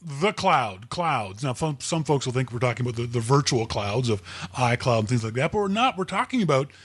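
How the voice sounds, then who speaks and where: A man's voice: medium pitch, big pitch swings, a little fast, breathy edge, no room sound. A Canadian man hosting a podcast, talking in a rambling, chatty way and correcting himself often. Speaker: podcast host. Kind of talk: casual podcast talk.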